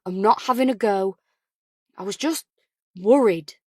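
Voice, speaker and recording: A man's voice: high-pitched, a little slow, no room sound. A woman whispers the part of an anxious young husband calling home, pressing but holding back his alarm. The whispered role-play sounds close and dry, with no room around it. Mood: insistent. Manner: urgent but trying to stay gentle.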